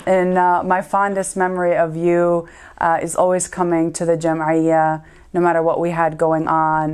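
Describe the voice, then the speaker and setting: A woman's voice: low voice, darkish tone, clear, resonant tone. A woman in her thirties, a community lawyer, giving an earnest, heartfelt tribute in a recorded interview, with frequent "um" and "uh" fillers.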